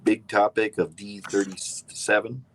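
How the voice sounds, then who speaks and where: A man's voice: lowish voice, flat delivery, a little slow, slight background noise. A man co-hosting a casual political chat show, emphatic and opinionated, rambling with restarts. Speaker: co-host.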